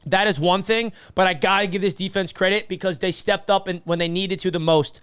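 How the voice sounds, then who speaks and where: A man hosting a sports fan channel, giving an emotional recap vlog in an earnest, passionate way, speaking in rushes and repeating himself. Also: high-pitched, fairly even intonation, fairly bright tone, clear, resonant tone. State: emotional, grieving.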